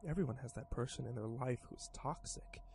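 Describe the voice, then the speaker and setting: Guy streamer reading a creepy story out loud, steady, trips over words a bit. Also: mid-range voice, brisk, vocal fry, slight background noise. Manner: steady first-person narration with small stumbles. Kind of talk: horror story narration while modding a game.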